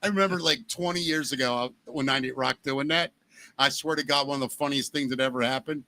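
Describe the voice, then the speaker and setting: A man with a Baltimore accent hosting a podcast, telling jokey stories in a lively, animated way. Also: medium pitch, fast, a little hiss or hum. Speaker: podcast host. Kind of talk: casual chat.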